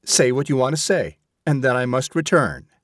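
A man's voice: medium pitch, sing-song, moderate pace, fairly bright tone, dry recording, studio quality. A man reading an audiobook, voicing a prim, haughty woman who is easily shocked, in a clipped, disdainful manner. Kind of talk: audiobook character voice.

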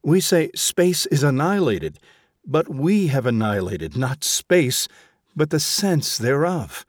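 A man's voice: a little high, very animated, slow pace, no room sound, clean studio sound, exaggerated voice. A man doing a grave, defiant young man. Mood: earnest. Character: earnest, defiant young man, quietly rebellious. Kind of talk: audiobook character voice.

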